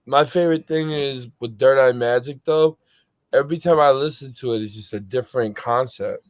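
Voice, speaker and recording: A man hosting a casual podcast chat, telling stories animatedly with loud laughs and acted-out voices. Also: medium pitch, moderate pace, no echo. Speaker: podcast host.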